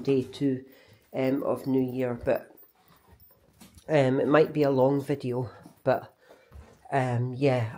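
A woman's voice: very deep voice, warm tone. A Scottish woman talking casually to her vlog camera, chatty and rambling, often restarting and correcting herself. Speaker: vlogger.

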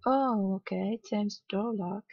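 A woman's voice: medium pitch, slow pace, husky, no room sound, highs cut off. A woman casually talking through a hidden-object game, sleepy and yawning, muttering with mild exasperation. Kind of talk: casual let's-play commentary.

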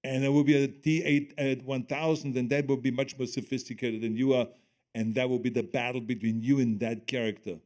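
An older man with a German accent, a guest telling stories on stage in conversation, animated and often laughing as he quotes others. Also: medium pitch, a little fast.

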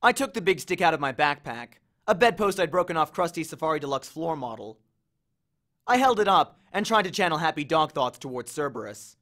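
A man reading a novel chapter aloud with an expressive, animated delivery. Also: a little high, a little fast. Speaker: audiobook reader. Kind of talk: storybook reading.

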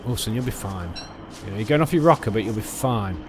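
A man commentating on a video game he is playing, excitable and sweary, often yelling at the game. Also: on the low side, fast talker, noisy background. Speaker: let's play gamer. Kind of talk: gameplay commentary.

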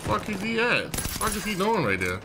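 A man commentates his gameplay with a lively, jumpy voice, cursing and yelling as the match swings. Loud gunfire and game noise keep going behind him. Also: high-pitched, moderate pace, creaky. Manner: profane, excitable, swings to yelling. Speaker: gaming streamer.

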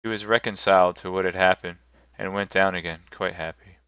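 A man reads a classic novel aloud on a live stream in a measured, steady way. His voice is lowish, crisp and bright. The sound is dry and slightly dull. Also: dry recording.

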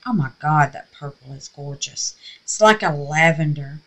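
A woman's voice: sits low, normal speed, fairly bright tone. A woman with a slightly scratchy voice, chatting casually and gushing as she walks viewers through a craft project. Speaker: resin craft vlogger. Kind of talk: casual crafting tutorial chat.

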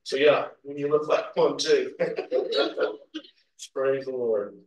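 This man preaches slowly in a medium-pitched, steady, darkish voice, offering an informal sermon with personal stories in a church sanctuary. He's a folksy Kentuckian, USA, who chuckles and calls out amens. The lo-fi sound comes from a distant mic in an echoey church hall.

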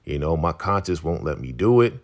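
A man's voice: a bass voice, lively intonation, a little fast. A man casually recapping a TV episode, quoting the characters in loose street slang. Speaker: recap host.

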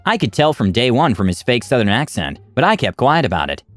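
A man's voice: medium pitch, very animated, brisk, dry recording, faint music behind. A man narrating a reddit revenge story, reading out the character tags as he goes.

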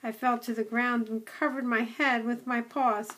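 A woman reading a children's novel aloud in a measured storytelling manner. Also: a little high, steady tone, a bit bright. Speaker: audiobook reader.

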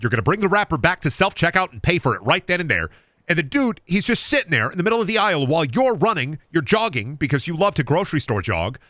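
A man's voice: fairly high pitch, pushed and bright, dry recording. A man who is a gaming streamer, riffing through absurd comedic stories on stream with frequent swearing. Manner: absurd, self-aware storytelling, swearing.

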